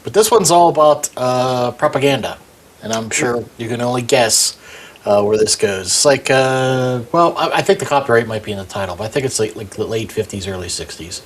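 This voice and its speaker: A man's voice: medium pitch, a little fast, slight background noise. A man co-hosting a podcast, laid-back and dry in casual chat. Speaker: podcast co-host.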